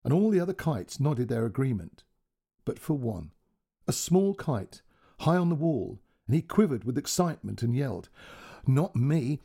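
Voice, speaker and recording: A male storyteller reading a children's tale aloud, gentle and expressive. His voice is mellow and a little husky, with a lively, rising and falling melody. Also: medium pitch, moderate pace. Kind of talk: scripted storybook narration.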